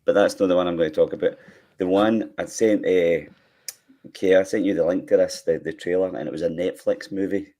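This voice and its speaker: A Scottish man with a very low, deep voice, co-hosting a podcast and rambling on enthusiastically. He uses plenty of fillers and restarts. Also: steady tone, fairly quick, mellow. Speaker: podcast co-host. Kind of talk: casual chat.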